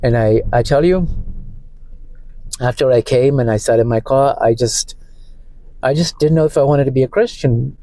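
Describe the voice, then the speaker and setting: A shaken man talking through a distressed personal monologue from his parked car, halting and repeating himself. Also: mid-range voice, mellow, no echo, poor audio. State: emotionally shaken. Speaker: vlogger.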